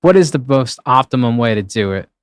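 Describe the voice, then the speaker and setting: A man's voice: medium pitch, animated, fairly quick, no room sound. Chatty man with a dry close sound. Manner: rambling, with many fillers and acted-out quotes. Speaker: live event streaming producer. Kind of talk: casual interview answers.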